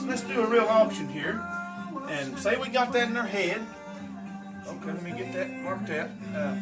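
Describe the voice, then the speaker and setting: A man's voice: high voice, far from the mic, rough recording. A man teaching auctioneering at home, explaining steps and then breaking into a rhythmic bid-calling chant that repeats the numbers. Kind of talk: home video tutorial.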